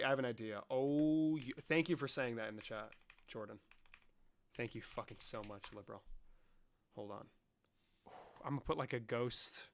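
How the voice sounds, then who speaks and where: A man's voice: mid-range voice, fairly bright tone. A young man around twenty, casually chatting on a livestream in a joking, sarcastic way and swearing a lot. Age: young adult.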